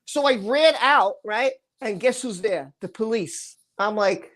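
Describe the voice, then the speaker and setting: A man's voice: sits high, animated, unhurried, hardly any pauses, a bit bright. A man hosting a live stream, telling a personal story in a casual way. He often repeats words and restarts his sentences, and he acts out what the other people in the story said.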